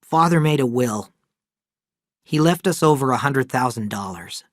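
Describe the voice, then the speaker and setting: A man's voice: medium pitch, expressive, moderate pace, no echo, clean studio sound, natural voice. A man voicing an anxious, troubled grown brother, speaking in a raised, strained and emphatic way.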